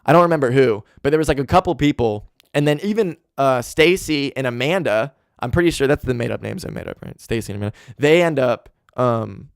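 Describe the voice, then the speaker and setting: Young male podcast host, rambling profane storyteller, clear smooth voice, dry close mic. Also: mid-range voice, brisk, hardly any pauses, dry recording. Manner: rambling, animated, profane, with filler "like". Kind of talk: casual storytelling. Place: home room.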